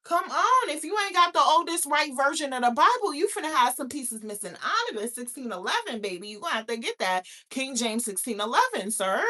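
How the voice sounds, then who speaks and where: Brief: woman host, loud and preachy on a livestream, swings high and low, pitched a touch up. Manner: animated, profane, preachy, answers chat comments. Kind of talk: casual livestream chat.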